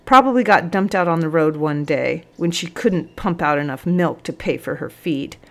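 An eager young male corporal in a storybook pleads his case earnestly, voiced a touch low, as a woman reader puts him on. He sounds keen and sincere. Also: normal speed.

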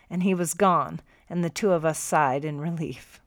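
A woman narrating a first-person story for an audiobook in a calm, measured way. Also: low voice, no room sound, studio quality.

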